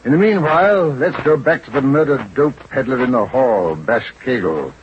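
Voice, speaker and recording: An actor playing a stern, shrewd police inspector in a 1940s-style radio drama, probing and dryly sarcastic. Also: male voice, medium pitch, animated, moderate pace, natural voice. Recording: lo-fi old radio recording with faint hiss.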